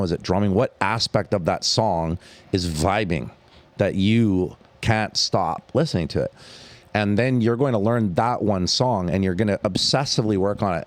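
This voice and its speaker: A man with a low voice talks in a casual podcast interview. He is eager and keen, and he speaks in quick bursts, often saying 'like' and 'you know'. The sound is dry and close, with no room echo. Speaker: charity founder and music teacher, guest.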